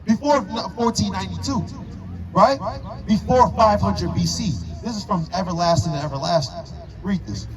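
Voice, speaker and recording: A man with a raised, high speaking voice preaches forcefully outside, hammering his listeners with rhetorical questions. A crowd murmurs steadily around him in the open street. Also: normal speed, music in the background, low-quality recording.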